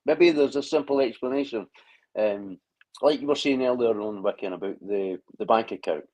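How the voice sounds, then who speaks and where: A man's voice: mid-range voice, normal speed, a little mellow, poor audio. A man in a casual online chat, talking in long rambling stretches with frequent restarts and blunt swearing. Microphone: video call.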